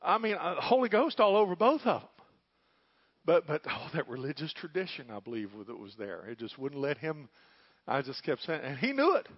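A middle-aged man preaches with fervour, his fairly high voice swinging between hushed asides and loud exclamations. He tells folksy stories from the pulpit. The recording sounds dull and lo-fi. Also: big pitch swings, moderate pace, slightly rough. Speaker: pastor. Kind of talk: sermon.

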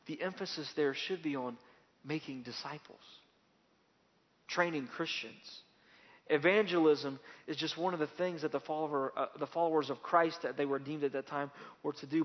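A man preaching a sermon as pastor, building to emphatic, repetitive bursts. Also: on the high side. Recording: dull lo-fi sound with long hall reverb.

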